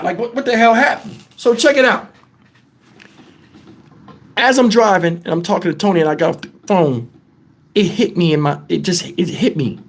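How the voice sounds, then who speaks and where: A middle-aged man with a notably high voice hosts a casual livestream, talking bluntly and swearing a lot. He sounds shaken and worked up and keeps speaking straight to his chat.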